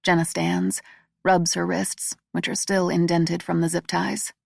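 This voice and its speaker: A woman narrating a thriller audiobook with a steady, even reading. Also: lowish voice, a little slow, vocal fry, no echo, clean studio sound.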